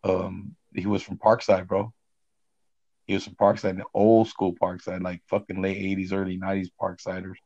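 Gravelly, low-voiced storytelling man. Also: normal speed, lo-fi sound. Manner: profane, animated, heavy slang. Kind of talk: casual storytelling.

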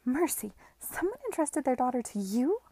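A woman voicing a shrewd, brash older woman who keeps a brothel, loud and folksy in her speech. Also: high voice, big pitch swings, moderate pace, no echo, voice pushed up, exaggerated voice. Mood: brash, sly.

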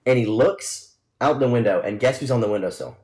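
A man's voice: mid-range voice, lively intonation, fairly quick, darkish tone, a little hiss or hum, low-quality recording. A young man co-hosting a podcast, casually telling a long rambling joke and laughing along with it. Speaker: podcast co-host.

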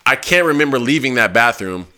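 A man's voice: mid-range voice, a little fast. A man on a podcast telling a long, laughing, profanity-filled story in a casual way. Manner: animated, swears a lot, laughs while telling. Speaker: podcast host.

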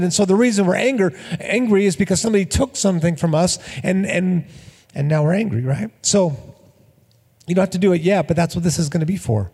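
A man's voice: high voice, fairly quick, vocal fry, a little mellow, breathy edge, in a large hall. A middle-aged male pastor preaching a sermon in a conversational, storytelling way, often repeating words.

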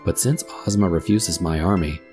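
A man voicing a solemn, sad male tin man in a storybook reading, speaking gravely. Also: low-pitched, normal speed, a little mellow, soft background music, close to an everyday voice. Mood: gloomy. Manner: grave, somber delivery.

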